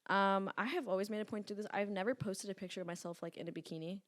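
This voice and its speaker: A woman of about twenty, a podcast guest telling stories in casual chat, animated and full of "like" and the odd swear word. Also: medium pitch, very fast, dry recording. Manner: chatty, animated storytelling with frequent "like" and swearing. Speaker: podcast guest, lifting influencer.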